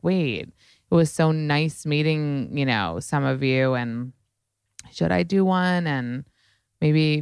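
Low smooth chatty woman podcaster. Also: no room sound, studio quality. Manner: chatty, rambling, many likes and you-knows. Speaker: podcast host. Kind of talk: casual solo podcast chat.

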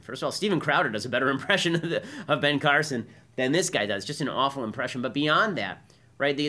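Fast, bright-voiced combative male commentator. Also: mid-range voice. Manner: combative, emphatic, keeps asking "right?". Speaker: political commentary host. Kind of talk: monologue commentary.

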